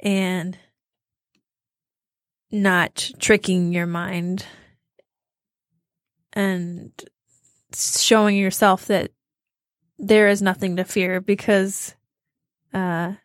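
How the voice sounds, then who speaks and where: A woman's voice: mid-range voice, level tone, very slow, pauses often, dry recording. Woman rambling through a casual story, dry sound. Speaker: podcast co-host. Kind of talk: casual chat.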